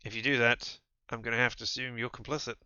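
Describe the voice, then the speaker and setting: A man voicing a weary vampire sheriff who scolds in slow, measured words. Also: mid-range voice, flat delivery, bright, forceful tone, smooth, dry recording, dull audio. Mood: threatening.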